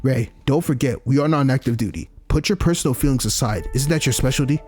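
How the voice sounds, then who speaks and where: A man's voice: medium pitch, fast, a little mellow, faint music behind, natural voice. A man reading aloud the lines of a stern male foundation director from a game, in a cold, clipped way.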